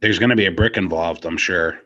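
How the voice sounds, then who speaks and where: A man's voice: low voice, fairly quick, a bit bright, highs cut off. A man co-hosting a wrestling podcast in casual chat, with a wry, sarcastic delivery. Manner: wry, sarcastic, frequent laughter.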